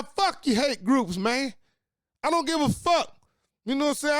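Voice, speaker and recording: A man's voice: extremely high pitch, a bit bright, dry recording, studio quality. A man in his late forties hosting his own talk show, delivering an angry, profane, preachy monologue. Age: late 40s. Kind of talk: impassioned monologue.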